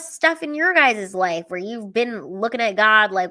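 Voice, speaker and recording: A woman's voice: medium pitch, animated, measured pace, hardly any pauses, pushed and bright. Female streamer, mid-range voice, blunt and foul-mouthed but sincere, reads chat aloud in a loose, casual way. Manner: blunt, profane, earnest pep talk. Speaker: live stream host reading chat.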